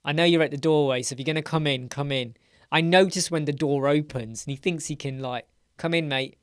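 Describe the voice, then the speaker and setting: A man's voice: on the high side, steady tone, brisk, clean tone, dry recording. An English man hosting a casual live Q&A stream from a room at home, chatty and playful, rambling between questions. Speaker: web design live stream host.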